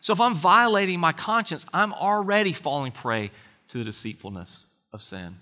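Man, pastor, sermon, earnest conversational preaching, rhetorical questions, bright forceful voice, long hall reverb. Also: on the high side, lively intonation, moderate pace.

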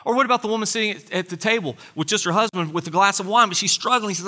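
A man's voice: high voice, fast, few pauses, bright, forceful tone, big-room sound. A man preaching a sermon as a pastor, earnest and conversational, asking his listeners rhetorical questions.

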